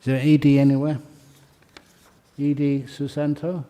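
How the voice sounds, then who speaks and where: A man's voice: fairly high pitch, monotone. A man leading a ceremony, reading out names and welcoming each new member in a chatty, good-humoured way. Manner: slow, warm-hearted and chatty, laughing between names. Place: meditation hall.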